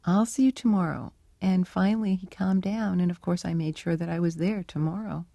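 Woman researcher, interview guest, mellow gravelly voice, chatty and reflective. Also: lowish voice, steady tone, fairly quick, no echo. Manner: reflective, conversational, with fillers. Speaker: animal cognition researcher, guest. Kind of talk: interview answers, storytelling.

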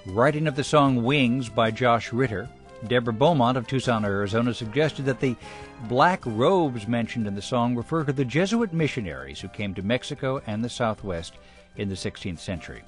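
A man's voice: mid-range voice, animated, normal speed, soft background music. A man hosting a public radio program, reading listener letters in a dry, wry scripted delivery.

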